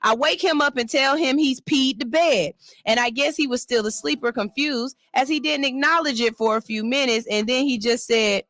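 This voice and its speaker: A woman radio host, reading a listener's story aloud and reacting with sassy, animated commentary in a studio. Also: sits high, unhurried, no room sound, faint music behind. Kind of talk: casual radio chat reading a listener post. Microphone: studio mic.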